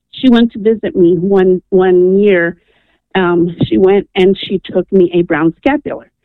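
A woman with a lowish voice phones in to a radio show from New Mexico and earnestly tells a personal story, saying "um" a lot. It's call-in testimony over a telephone, so the line sounds tinny and dry.

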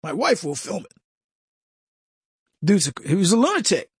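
A man hosting a casual political commentary monologue, mocking and chuckling with lively asides. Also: sits high, moderate pace, slightly rough, no echo, clean studio sound.

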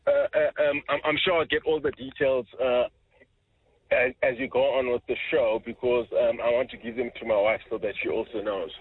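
Caller on a phone line. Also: male voice, medium pitch, steady tone, moderate pace, husky. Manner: rambling, hesitant, many fillers.

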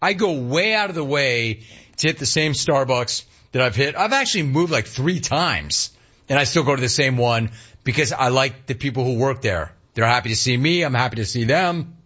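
A middle-aged man hosting a sports talk radio show, ranting in an animated, sarcastic way. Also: mid-range voice, normal speed, muffled recording.

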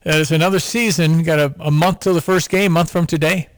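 A man's voice: on the high side, steady tone, fairly quick, no echo, low-quality recording. A man hosting a casual local radio talk show, rambling and joking, often repeating his words. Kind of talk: casual morning radio banter.

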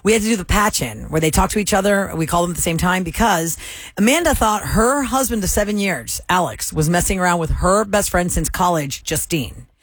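A woman's voice: fairly low pitch, animated, no echo. A woman hosting a morning radio show, chatting and laughing between segments. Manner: chatty, laughing, quick asides.

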